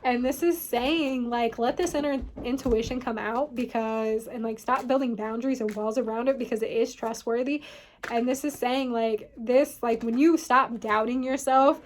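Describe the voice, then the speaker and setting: A woman's voice: on the high side, fairly even intonation, moderate pace, a little hiss or hum. A woman giving a casual tarot reading, rambling and filling her talk with "like" and "you know what I mean". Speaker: tarot reader.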